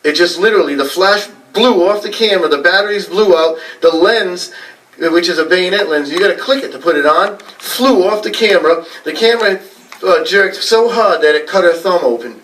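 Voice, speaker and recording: A man's voice: high voice, normal speed, fairly bright tone. Chatty New England man telling ghost stories. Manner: rambling, chatty, with frequent fillers and laughs. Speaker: paranormal investigator giving a library talk. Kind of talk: casual storytelling presentation. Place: library meeting room. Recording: voice a little far from the mic.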